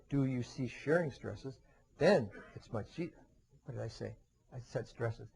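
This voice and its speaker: A man's voice: medium pitch, moderate pace, creaky, darkish tone, slightly rough, rough recording. A man teaching a webinar lecture in a conversational way, with frequent fillers and restarts, often posing questions and then answering them himself. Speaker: engineering lecturer.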